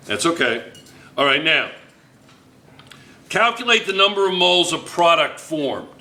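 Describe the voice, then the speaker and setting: Chemistry teacher, man, bright and a bit high, playful, repeats key phrases. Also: big pitch swings, measured pace, reverberant. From United States. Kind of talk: classroom teaching. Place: classroom.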